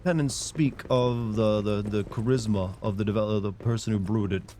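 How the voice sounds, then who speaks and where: A man's voice: on the low side, fairly even intonation, normal speed, warm tone, a little hiss or hum. A young man streaming a video game, joking and rambling in a casual, playfully mocking way. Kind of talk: casual live-stream commentary.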